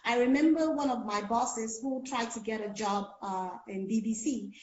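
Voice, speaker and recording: A woman's voice: fairly high pitch, moderate pace, darkish tone. A Nigerian woman coaching on speech and pronunciation in a casual talk, explaining with many fillers. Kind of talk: casual chat on a call. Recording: echoey lo-fi call audio.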